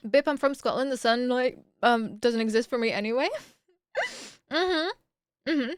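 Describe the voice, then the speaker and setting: A woman streaming casually, reading viewer messages aloud and answering them with bursts of excitement. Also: on the high side, a little slow, clear, resonant tone, no room sound, studio quality.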